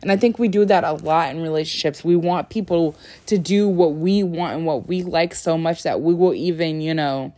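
A woman's voice: fairly low pitch, normal speed, dark tone. A young woman vlogging to her viewers in a casual, rambling way, full of fillers, sleepy and yawning. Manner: chatty, rambling, lots of "like" fillers. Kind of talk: casual talk to camera.

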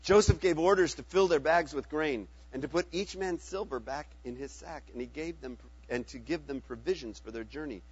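Man reading scripture aloud, slightly high voice, casual asides, dull lo-fi recording. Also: moderate pace, slightly rough. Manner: plain reading broken by joking asides. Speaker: scripture reader. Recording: dull lo-fi, dry.

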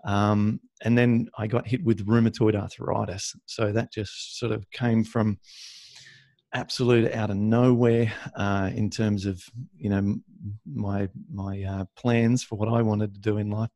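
An Australian man speaks as a guest on a podcast, his low voice gravelly and a little rough. He tells his story loosely, full of ums and uhs, in a dry, close recording. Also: little pitch movement, unhurried, mellow, dry recording. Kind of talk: casual interview.

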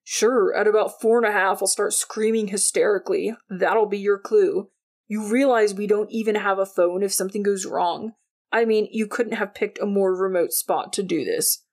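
A woman's voice: medium pitch, steady tone, moderate pace, darkish tone, lightly acted. A woman reading an audiobook, voicing a teenage boy who talks in a dry, bossy, sarcastic way. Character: cautious, sarcastic teen boy Jordan.

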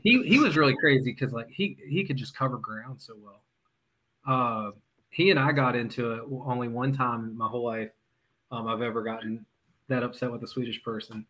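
A man who is a former football coach, a podcast guest telling animated stories and laughing often. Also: mid-range voice, fairly quick, poor audio. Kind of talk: casual podcast storytelling.

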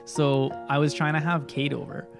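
A man's voice: fairly high pitch, flat delivery, moderate pace, gravelly, faint music behind. Young man telling a story, laughing. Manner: laid-back, swears a lot, acts out quotes, laughs often. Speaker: podcast co-host. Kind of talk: casual podcast chat, storytelling.

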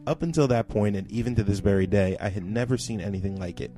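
A man with a lowish, mellow voice reads a listener's letter aloud on a podcast, leaning into the words for emphasis. Faint music plays underneath. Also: fast. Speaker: podcast co-host. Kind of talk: reading a listener email aloud, then casual chat.

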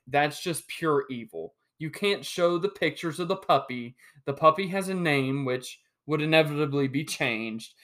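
A young man hosting a solo sports podcast, talking in an animated, joking way with many restarts. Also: a little high, a little slow. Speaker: podcast host.

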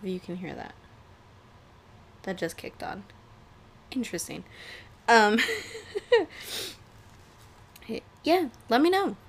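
A woman's voice: medium pitch, sing-song, a little slow, gravelly. A young woman hosting a casual solo podcast from home, rambling, laughing often and swearing freely. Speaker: podcast host. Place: home room with air conditioner.

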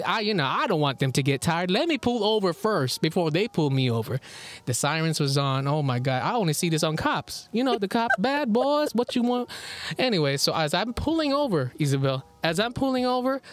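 Male podcast co-host, high-pitched, animated casual storyteller, salty language. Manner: animated, swears freely, laughs often. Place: indoor recording with co-host beside him.

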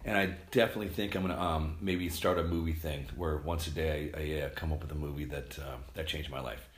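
A middle-aged man rambling casually to camera at home, telling stories in an animated, swearing way. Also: a bass voice, fairly quick. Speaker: vlogger. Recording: roomy echo.

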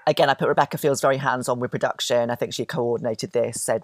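A man's voice: mid-range voice, fairly even intonation, quick pace, dry recording. Gossipy man, dry close sound. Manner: gossipy and camp, playful asides. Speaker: podcast co-host. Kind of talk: casual chat.

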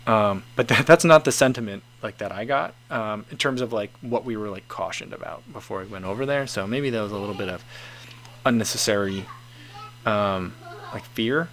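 A man's voice: fairly low pitch, moderate pace, a bit bright, slight background noise. Hesitant, chuckling American man chatting. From United States. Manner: hesitant, many fillers and restarts, chuckles often. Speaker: livestream host reading viewer comments. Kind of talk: casual chat.

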